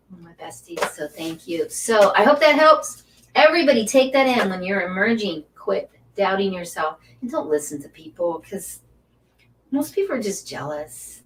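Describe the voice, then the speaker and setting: A woman's voice: mid-range voice, fairly bright tone, distant mic. Effusive woman cheering on her live viewers. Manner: effusive and chatty, full of cheers and encouragement. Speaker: angel card reader and Reiki teacher hosting a live stream. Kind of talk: casual live-stream chat, greeting and answering viewers.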